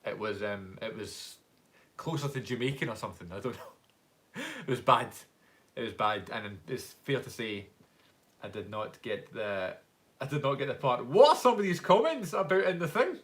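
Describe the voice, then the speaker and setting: Glaswegian guy, young, mid-pitched, rambling live Q&A storyteller. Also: very animated, normal speed. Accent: Glaswegian Scottish. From Scotland. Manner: chatty, rambling storyteller who laughs often. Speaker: YouTuber and actor. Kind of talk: casual live stream Q&A.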